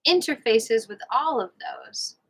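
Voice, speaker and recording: A woman from New York reading a nonfiction book aloud on a livestream, unhurried and leaning on her words. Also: a little high, expressive, slightly rough, low-quality recording. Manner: unhurried, leaning on words, breaks off for playful asides.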